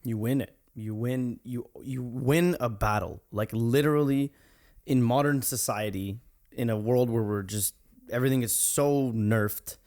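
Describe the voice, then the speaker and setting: A man's voice: medium pitch, unhurried, darkish tone. A man hosting a podcast, talking in an earnest, reflective way with frequent restarts. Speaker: podcast host. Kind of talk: casual podcast conversation.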